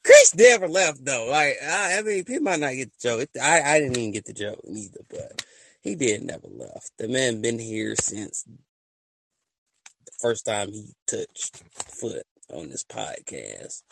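Husky, animated male podcast host. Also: mid-range voice, a little slow, low-quality recording. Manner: animated, slangy, joking, swings loud and soft. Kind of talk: casual solo chat to listeners. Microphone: voice-message app.

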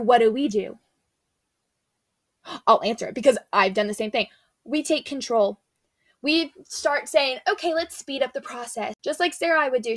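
A woman's voice: on the high side, no echo. A young woman giving a casual devotional talk, earnest and chatty, retelling scripture in a slangy storytelling way. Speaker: faith speaker.

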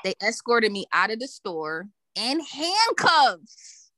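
Bright-voiced woman telling a story. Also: on the high side, takes it slowly, no echo. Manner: animated, laughs often, acts out quoted voices. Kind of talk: casual storytelling.

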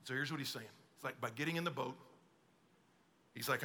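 A man's voice: mid-range voice, fairly quick, long pauses, pushed and bright. A male pastor preaching a conversational sermon and acting out quoted voices. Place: church auditorium. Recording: long hall reverb.

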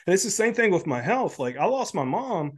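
A man in his thirties talks as a guest on a casual podcast, his voice sitting a little high for a man. He is candid and loose, leaning on "like" and "um", and his voice gets emotional at times. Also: very animated, brisk. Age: 30s. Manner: candid, filler-heavy, many "like" and "um". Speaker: health coach guest.

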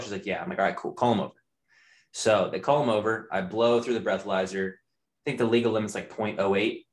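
Low-voiced young man, roomy sound. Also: quick pace. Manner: candid, profane, loose storytelling. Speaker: guest telling a personal story. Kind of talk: casual storytelling. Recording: roomy echo.

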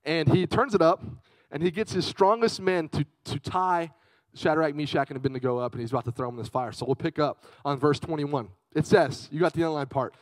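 A young man preaching a lively youth sermon, telling stories with big swings from loud to hushed. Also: a little high, a little fast, dry recording, poor audio. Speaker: youth pastor.

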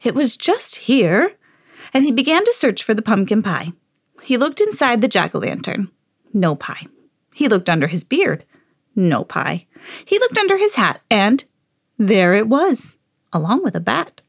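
A woman reading a children's picture book aloud on her podcast in an expressive, sing-song storytelling way. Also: a little high, moderate pace, gravelly, breathy edge, no echo, clean studio sound.

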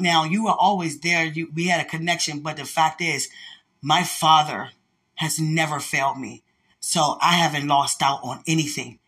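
Bright, husky-voiced woman podcaster. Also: low voice. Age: adult with a son. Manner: candid, rambling, laughs often; talks to a loved one as sweetheart. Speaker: podcast host. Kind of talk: casual heartfelt podcast monologue.

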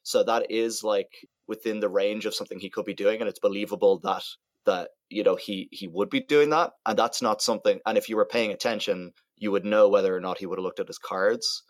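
A man's voice: fairly low pitch, fairly even intonation, a little fast, no room sound. A man in casual podcast chat, talking things through in a thoughtful, hedging way.

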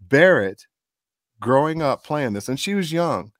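A man's voice: a little high, unhurried, no room sound, clean studio sound. A middle-aged man, a voice actor, telling stories in a casual interview and acting out the voices of the people he quotes. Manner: animated storyteller, acts out quoted voices. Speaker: voice actor guest.

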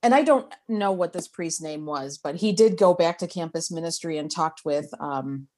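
Interviewee, woman, lowish voice, chatty and halting storyteller. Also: mellow. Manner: chatty, hesitant storyteller with frequent restarts. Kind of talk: casual oral history interview.

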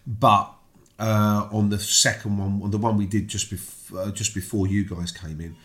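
A British man, a guest, telling a story in casual conversation, animated, acting out the voices he quotes. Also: normal speed. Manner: animated, acts out quoted voices with big pitch jumps.

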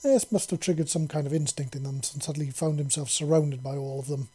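A man's voice: on the high side, fast, mellow, slightly rough. A man reading a serialized story aloud in a casual, chatty way.

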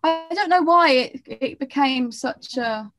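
A woman's voice: high voice, a little slow, fairly bright tone, faint music behind. A woman chatting as a podcast guest, rambling and self-deprecating, trailing off mid-sentence. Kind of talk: casual chat.

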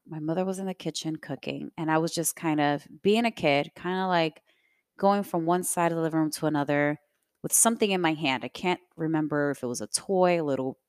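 A woman's voice: low-pitched, clean tone, dry recording, studio quality. A young adult woman hosting a podcast, telling a personal story in a reflective, conversational way with many fillers. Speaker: podcast host.

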